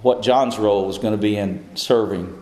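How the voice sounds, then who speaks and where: A man preaching a sermon, building to fervent, high-pitched climaxes. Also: fairly even intonation, normal speed, a little mellow. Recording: echoey hall.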